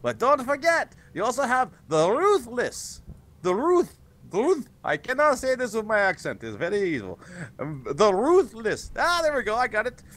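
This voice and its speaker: A man playing an ancient vampire count in a game stream voice chat, theatrical and fussy, with a grand put-on foreign accent. He pitches his voice high and swoops it up and down with sweeping exclamations. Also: wildly swooping pitch, moderate pace, a bit bright, full character voice. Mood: rambling.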